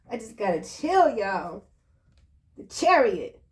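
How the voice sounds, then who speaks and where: Slow-talking woman doing a tarot reading. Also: medium pitch. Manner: chatty, slangy, bursts of excited exclamations. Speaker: tarot reader.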